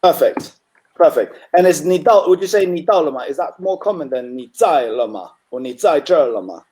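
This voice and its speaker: A man tutoring a student in Chinese over a call, encouraging and relaxed, with frequent fillers and throat clearing. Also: fairly high pitch, brisk. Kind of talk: online tutoring session.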